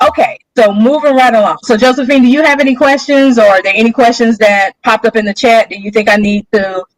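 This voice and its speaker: A woman giving a live-streamed lecture. She talks casually, checks in often with her audience, and rereads definitions slowly. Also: a little high, fairly even intonation, dry recording, poor audio. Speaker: lecturer presenting a livestreamed session.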